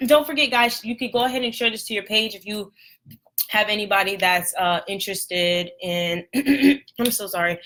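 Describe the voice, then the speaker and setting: A young woman with a scratchy throat teaching trading basics on a live stream, chatty and apologetic, clearing her throat often. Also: a little high, sharp tone. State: hoarse, throat irritated after a run. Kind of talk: casual live lesson.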